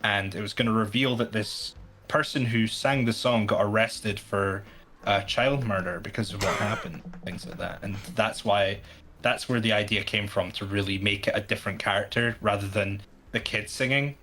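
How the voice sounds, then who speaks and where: A man's voice: lowish voice, fairly even intonation, normal speed, bright, forceful tone. A man guest-hosting a live stream, talking casually and hesitantly with many restarts. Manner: hesitant, full of restarts, laughing easily. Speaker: guest co-host.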